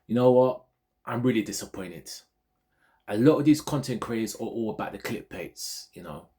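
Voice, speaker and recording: A man's voice: fairly low pitch, moderate pace. A man from Ghana, a football vlogger, ranting casually about online fans in a digressive, repetitive way. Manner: animated, digressive, repeats himself.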